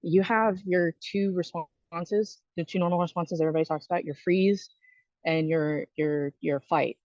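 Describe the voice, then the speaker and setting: A woman's voice: fairly low pitch, steady tone, normal speed, darkish tone, dry recording. A woman who is a Navy veteran speaks as a podcast guest, telling a personal story in a frank, conversational way with fillers and restarts. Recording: dull lo-fi dry recording.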